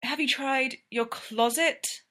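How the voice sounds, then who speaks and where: A woman's voice: high-pitched, takes it slowly, pushed and bright, pitched above the performer's own voice, heavily acted. A woman doing a drowsy, sulky young student. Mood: sleepy. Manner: drowsy and grumbling.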